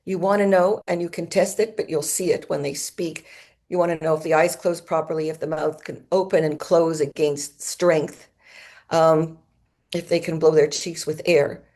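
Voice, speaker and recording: A woman's voice: low voice, steady tone, normal speed, darkish tone. A woman giving a lecture at a medical conference in an auditorium, explaining symptoms and now and then imitating them with her own voice. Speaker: conference speaker.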